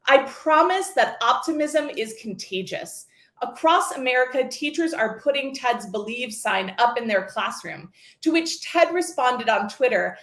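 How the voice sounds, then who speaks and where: Expressive woman giving a keynote talk. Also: fairly high pitch, normal speed, reverberant. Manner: storytelling, expressive with acted quotes. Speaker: keynote speaker.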